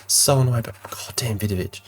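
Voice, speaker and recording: A man's voice: medium pitch, fairly quick. A man giving live commentary on his own football management game, calling plays and venting frustration as he goes. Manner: animated, exasperated play-by-play commentary. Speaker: gaming YouTuber.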